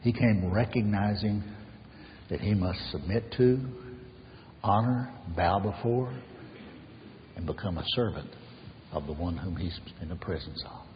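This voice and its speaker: A male pastor preaching a sermon with emphatic repetition, swinging from loud declarations to hushed lines. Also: low-pitched, a little slow, long pauses, in a large hall, lo-fi sound, a little hiss or hum. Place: church sanctuary.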